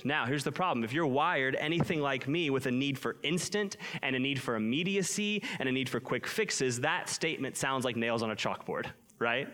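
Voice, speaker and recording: A young adult man preaching a sermon as a pastor, earnest, slowing right down to stress his key lines. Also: on the high side, a bit bright.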